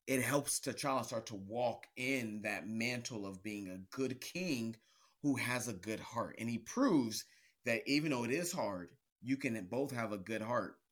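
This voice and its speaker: A man's voice: on the low side, a bit bright. A man hosting a casual podcast chat, earnest and a little preachy, calling his guest bro and man. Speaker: podcast host. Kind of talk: casual faith-based chat.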